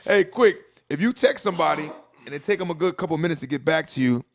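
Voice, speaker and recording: A middle-aged man co-hosting a podcast, his voice sitting a little high. He talks in a loose, profane, rambling way and breaks into laughter often. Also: expressive, fast talker, gravelly, slight background noise. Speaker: podcast co-host. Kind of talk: casual chat.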